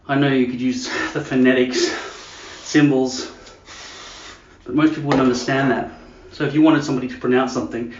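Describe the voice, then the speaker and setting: This man talks in a loose, crude, joking ramble and often drops his voice low. His mid-pitched voice sounds a little dull, with a roomy echo from the hard walls around him. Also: slight background noise. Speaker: vlogger. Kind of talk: casual rambling vlog. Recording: echoey dull room sound.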